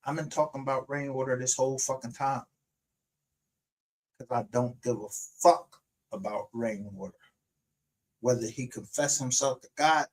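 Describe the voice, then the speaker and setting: A man hosting his own livestream show, ranting in a heated, profane and confrontational way. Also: medium pitch. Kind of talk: unscripted livestream rant.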